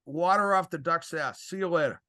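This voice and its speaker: Brisk and somewhat high-voiced, the older former referee is in storytelling mode on a casual podcast. Animated throughout, he performs the quoted exchanges and chuckles often.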